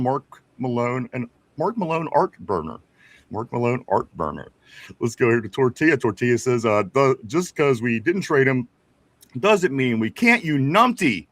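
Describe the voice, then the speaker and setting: Hosting a casual sports talk show, a man with a medium-pitched voice reads viewer comments aloud. He's chatty, chuckles often, and stumbles and repeats words, with no room sound in the recording.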